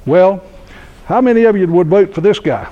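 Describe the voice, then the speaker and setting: Through a muffled recording, a high, lively voice comes across at normal speed. It belongs to a keynote speaker from Georgia, US, in his sixties, who entertains a university lecture hall with folksy anecdotes, chuckling at his own tales.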